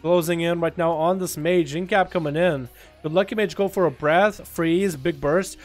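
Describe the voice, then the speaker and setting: A man giving live play-by-play commentary on a game match, with sudden excited bursts. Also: on the high side, normal speed, soft background music. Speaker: esports caster.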